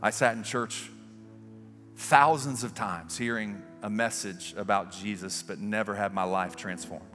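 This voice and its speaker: Earnest pastor in a big hall. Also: male voice, fairly low pitch, fairly even intonation, measured pace, fairly bright tone, faint music behind. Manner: earnest, pleading, rising to fervent prayer. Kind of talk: sermon altar call and prayer. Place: large church sanctuary with balcony.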